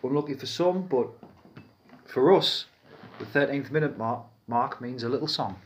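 Man, North East English accent, podcast co-host, casual jokey banter, rambling, mid pitch. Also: normal speed, a little hiss or hum. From Peterlee, England.

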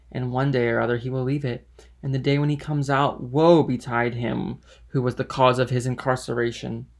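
A man voicing a calculating schemer in a storybook reading, speaking in a measured, cunning way. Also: mid-range voice, creaky, close to an everyday voice.

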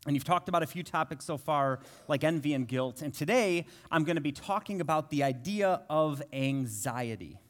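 A man's voice: fairly high pitch, expressive, normal speed, hardly any pauses. A man in his thirties preaching a conversational sermon as a guest, telling self-deprecating jokes and family stories. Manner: joking, self-deprecating storyteller.

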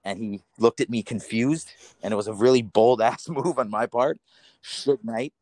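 A man from the Los Angeles area, a podcast guest telling long, rambling stories in an animated way, often restarting and laughing mid-sentence. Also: medium pitch, moderate pace, no room sound, studio quality. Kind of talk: casual storytelling.

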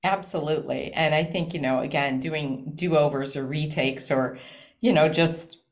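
A woman guest talking casually in an interview, animated and laughing often, with frequent fillers. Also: sits low, moderate pace. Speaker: guest, speaker and parent.

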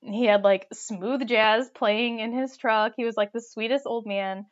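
A young woman tells a story in a casual, animated way and keeps saying "like." Her voice sits a bit high, and the recording sounds dull and lo-fi. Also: measured pace. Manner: animated, lots of "like" fillers, laughs while telling. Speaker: storyteller guest.

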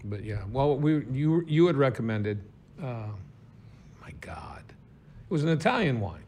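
A man's voice: medium pitch, animated, moderate pace, darkish tone, a little hiss or hum. A man co-hosting a casual chat, joking and playful. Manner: joking, playful, laughs easily.

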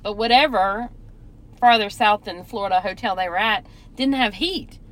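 A woman co-hosting a podcast, chatting casually about a trip and reacting to her co-host with quick exclamations. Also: mid-range voice, fairly bright tone. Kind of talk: casual chat.

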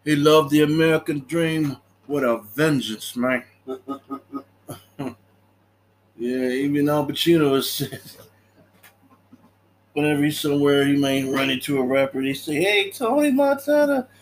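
A man's voice: on the high side, level tone, a little slow, pauses often, a little hiss or hum. A man casually recapping a movie in a laid-back way, laughing often and acting out lines.

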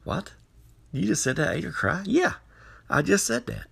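A man's voice: sits high, big pitch swings, moderate pace, vocal fry, fairly bright tone, breathy edge. A man giving an earnest, folksy devotional sermon into his phone microphone. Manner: earnest, folksy, repeats phrases, exclaims hallelujah. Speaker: podcast preacher.

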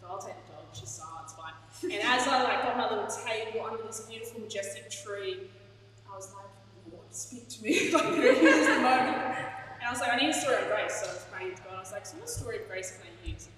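Woman, candid, chatty, sermon, booming hall echo, far from mic. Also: quick pace, a bit bright, slight background noise. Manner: candid, chatty, laughs at herself. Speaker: pastor.

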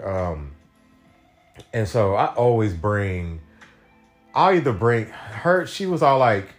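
A man's voice: expressive, slow pace, long pauses, faint music behind. A young man hosting a podcast, telling a rambling, profane story in a casual monologue, full of fillers and quoted voices. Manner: rambling, profane, fillers, acts out quotes with big pitch jumps. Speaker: podcast host.

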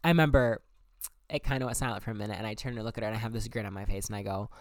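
A man's voice: on the low side, steady tone, very fast, no room sound, clean studio sound. A young man telling a personal story in a casual, candid way, swearing freely and acting out his own past thoughts.

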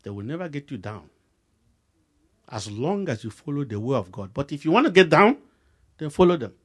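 A Nigerian-accented man delivers a sermon with a fairly high-pitched voice. He talks animatedly, dropping low and quiet and then surging into loud, emphatic bursts, and he acts out conversations as he preaches. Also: very animated, moderate pace. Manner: acts out back-and-forth dialogues while preaching.

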